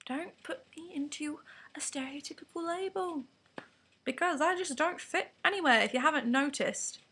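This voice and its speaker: A woman's voice: high-pitched, creaky, fairly bright tone, husky. Frank teen girl with an English accent. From England. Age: teens. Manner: rambling and frank, with frequent "like" and whispered asides. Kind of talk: candid vlog rant to camera.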